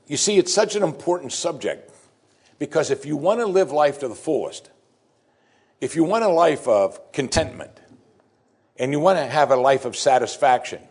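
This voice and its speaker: A man delivers a sermon as a congregation's pastor. His voice is husky and mid-pitched, and he hammers home key phrases by repeating them with rising emphasis. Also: darkish tone.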